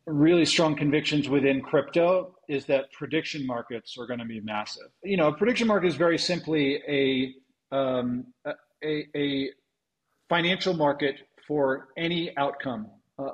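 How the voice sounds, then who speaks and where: A man, a venture investor, answering interview questions in a halting, thoughtful way with many ums and restarts. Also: fairly high pitch, muffled recording.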